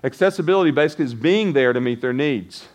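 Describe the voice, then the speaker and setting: A middle-aged man preaches from the pulpit in a loose, chatty way. He circles back on his phrases, restarts often, and checks in with the congregation with frequent tag questions. His voice sits at an ordinary male pitch. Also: animated, fast. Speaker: pastor. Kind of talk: sermon.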